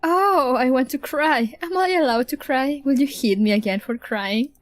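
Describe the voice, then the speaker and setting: A woman's voice: a little high, very animated, normal speed, mellow, no room sound. A woman reading the lines of a mocking, bored female android prisoner with sarcastic, drawling taunts. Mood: taunting. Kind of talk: reading game dialogue aloud.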